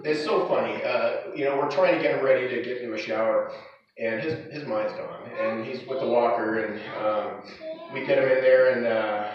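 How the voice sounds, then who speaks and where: A man's voice: medium pitch, moderate pace. A man speaking at his father's funeral, rambling through anecdotes with many fillers and restarts. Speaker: son giving a eulogy. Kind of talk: informal eulogy with anecdotes. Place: funeral service hall. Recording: echoey hall, far from the mic, dull.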